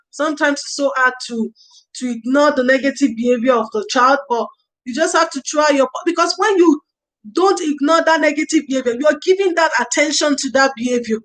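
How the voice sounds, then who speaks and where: A woman's voice: high-pitched, a bit bright, rough recording. A woman hosting a casual parenting livestream, reading out viewer comments, thanking viewers by name and giving earnest advice with repeated phrases. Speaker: livestream host. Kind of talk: casual livestream talk on early years parenting.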